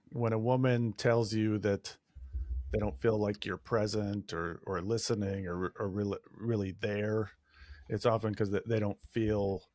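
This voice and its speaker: A man speaking as a relationship coach on a podcast, in a measured and thoughtful way. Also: fairly low pitch, darkish tone, no echo, clean studio sound. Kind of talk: casual podcast chat.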